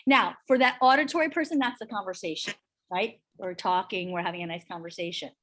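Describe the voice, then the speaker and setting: A middle-aged woman leading a real estate sales training, chatty and energetic, telling stories to the room. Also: mid-range voice, fairly quick. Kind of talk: training workshop talk.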